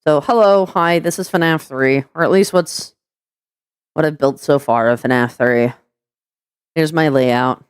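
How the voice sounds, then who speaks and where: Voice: medium pitch, unhurried, smooth, dry recording, studio quality. A streamer from Washington State with a Pacific Northwest American accent, chatting casually and rambling with lots of fillers and swearing. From Washington State, USA. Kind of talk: casual chat on a live stream.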